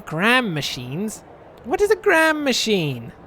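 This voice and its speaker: A man's voice: high-pitched, huge pitch swings, slow, bright, forceful tone, slight background noise. A man reading a text game aloud with playful, rambling, jokey asides. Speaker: game streamer.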